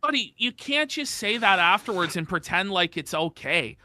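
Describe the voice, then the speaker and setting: A man's voice: sits high, very animated, moderate pace, pushed and bright, slight background noise. A man co-hosting a podcast, reacting to clips in a scornful, mocking manner. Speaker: podcast co-host. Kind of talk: casual reaction chat.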